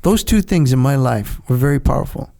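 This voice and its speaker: A man's voice: medium pitch, expressive, a little fast, gravelly, warm tone. An older man, a former Navy SEAL guest, telling rambling stories with frequent laughs and acted-out voices. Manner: rambling, laughs often, acts out quoted voices. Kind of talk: casual storytelling interview.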